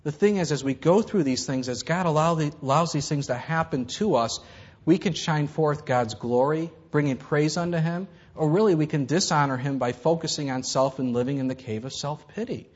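A man's voice: on the high side, moderate pace, a little mellow, muffled recording. A man preaching a conversational sermon, acting out the voices in Bible stories. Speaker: pastor.

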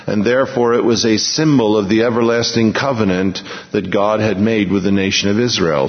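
A pastor teaching an expository sermon, reading scripture aloud and then explaining it with emphatic repetition. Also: male voice, fairly low pitch. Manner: emphatic, repeats key phrases. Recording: lo-fi recording in a large reverberant hall.

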